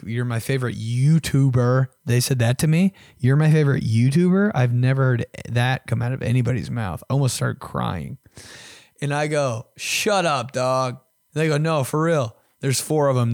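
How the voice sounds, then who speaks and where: Young man, podcast host, crude casual storytelling, self-mocking, mid-pitched voice, dry close sound. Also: vocal fry, darkish tone, no room sound.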